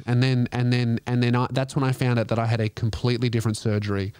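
A man's voice: mid-range voice, little pitch movement, quick pace, a little mellow, smooth, dry recording, studio quality. An Australian man hosting a comedy podcast, telling stories casually, swearing often and laughing through them. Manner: profane, laughing through his own stories.

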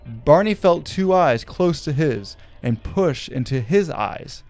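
A man's voice: a little high, animated, slow pace, a little mellow, soft background music. A man from Arkansas who hosts a podcast, telling a story with wry asides and laughing at his own jokes. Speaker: podcast host.

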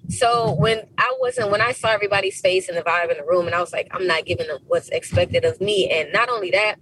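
A young adult woman, an actress guest on a podcast, telling her story with feeling, acting out quoted lines with big leaps in pitch. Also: quick pace, breathy edge, recorded from a distance, poor audio. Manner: animated, emotional, acts out quotes with big pitch jumps; heartfelt, faith-filled tone.

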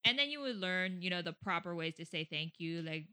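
A co-host chatting casually on a podcast, chiming in with quick, jokey remarks. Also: medium pitch, expressive, sharp tone, clean tone. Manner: quick interjections, jokey, laughs easily. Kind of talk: casual chat.

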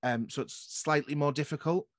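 A man's voice: fairly high pitch, no echo. Upbeat male podcast host, dry sound. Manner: upbeat, quick to laugh and agree. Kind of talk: casual chat.

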